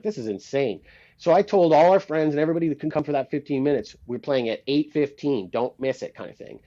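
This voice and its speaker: A man being interviewed as a guitarist and producer, telling stories in a casual way and acting out what people said, with some swearing. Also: on the high side. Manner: animated, acts out quoted dialogue, swears casually. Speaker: guest musician, guitarist and producer. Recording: dull lo-fi sound.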